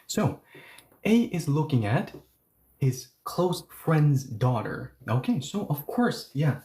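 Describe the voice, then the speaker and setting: A man teaching a language lesson, explaining step by step with frequent okays and yeahs and reading example sentences slowly for learners. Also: mid-range voice, darkish tone.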